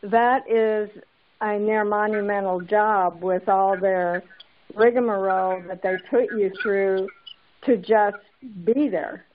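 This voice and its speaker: A woman's voice: medium pitch, steady tone, slow. A woman calling in to a conference call who asks her question hesitantly. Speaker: caller. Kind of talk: casual phone conversation. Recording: tinny phone line with faint noise.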